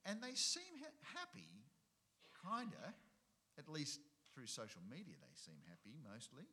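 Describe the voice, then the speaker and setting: Lively, bright-voiced preacher. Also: male voice, on the high side, unhurried. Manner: animated preaching with rhetorical questions and repetition. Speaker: pastor. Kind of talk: sermon.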